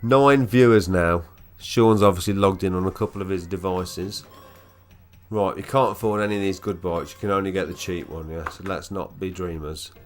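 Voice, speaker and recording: A man's voice: low-pitched, fairly even intonation, moderate pace, soft background music. A man with a Black Country accent chatting casually on a live stream while he plays, swearing freely and laughing often. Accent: Black Country English.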